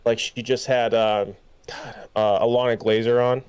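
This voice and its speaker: A man's voice: mid-range voice, little pitch movement, moderate pace, a little mellow, smooth. A young man co-hosting a podcast, talking in a loose, rambling way with many fillers and restarts. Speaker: podcast co-host. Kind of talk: casual chat.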